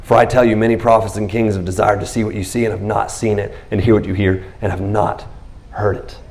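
Man pastor, gravelly voice, lively sermon full of acted-out quotes. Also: on the low side, a little fast. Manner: animated preaching, acts out biblical scenes in quotes.

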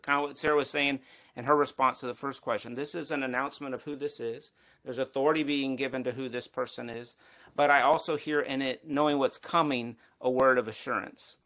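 A man's voice: mid-range voice, a bit bright. A man taking part in a Bible study discussion, thinking aloud with frequent restarts and hedges as he works through his view. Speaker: study participant.

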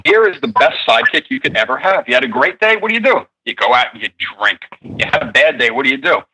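A man on a podcast panel, arguing loudly and playfully. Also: slight background noise, low-quality recording. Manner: loud and playful, pitch jumping up.

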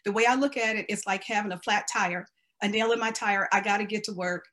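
A woman's voice: mid-range voice, steady tone, brisk, a bit bright. Determined American woman telling her story. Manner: earnest, faith-filled, determined storytelling. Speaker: cancer survivor sharing her story. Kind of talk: personal testimony.

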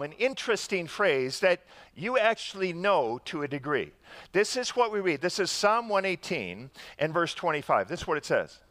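Animated, high-voiced man preaching. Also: no echo. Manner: animated, leads the congregation in call-and-response. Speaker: pastor. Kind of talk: sermon teaching with slides.

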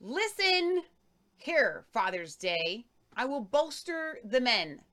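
A woman's voice: fairly high pitch, big pitch swings, slow pace, fairly bright tone. A woman co-hosting a news commentary show, talking emphatically and reading viewer comments aloud. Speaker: co-host.

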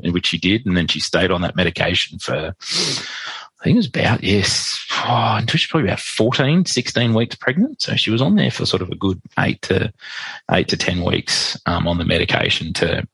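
A man's voice: low voice, creaky, fairly bright tone, breathy edge, dry recording. A father who is a podcast guest, telling a personal story in a chatty way, re-enacting dialogue with lots of "like" fillers.

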